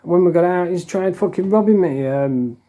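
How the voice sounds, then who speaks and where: A man's voice: high-pitched, normal speed, warm tone. A man telling stories in a blunt, casual way, with lots of swearing and a laugh now and then. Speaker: storyteller. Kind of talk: casual storytelling.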